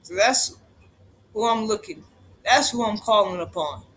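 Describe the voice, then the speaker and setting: A man's voice: sits high, animated, a little slow, fairly bright tone. A man on a livestream, delivering an impassioned rant, profane and emphatic, repeating lines for force.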